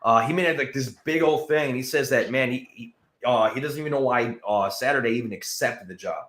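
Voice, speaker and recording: A man's voice: medium pitch, a little fast, a bit bright. A man hosting a casual sports chat, rambling with lots of fillers and restarts. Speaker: podcast host. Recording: echoey room.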